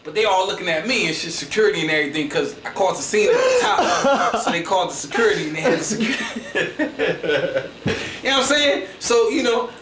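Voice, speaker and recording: Pitched high and swinging widely up and down, this man's brisk voice carries a comedic storytelling monologue. He's a comedian from Philadelphia who rambles, boasts and leans on slang, peppering it all with "you know what I'm saying." The recording is distant and echoey, with faint noise.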